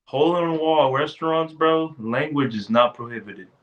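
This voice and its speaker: A man's voice: on the high side, normal speed, lo-fi sound. Young man mumbling casual podcast talk. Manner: mumbling, profane, trails off. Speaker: podcast co-host. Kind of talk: casual chat.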